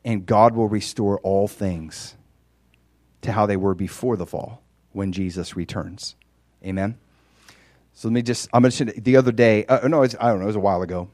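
A man preaching a conversational sermon, dropping quiet and then rising loud and emphatic. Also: on the low side, moderate pace, no room sound.

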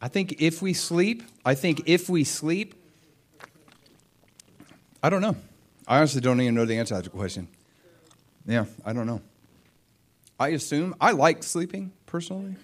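A middle-aged man preaching a sermon in a casual, conversational way. His voice sits a little high and swings widely as he tells the story. He acts out the voices of the people in it with lots of expression. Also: moderate pace, long pauses. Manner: animated storytelling, acts out voices of biblical figures. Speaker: pastor.

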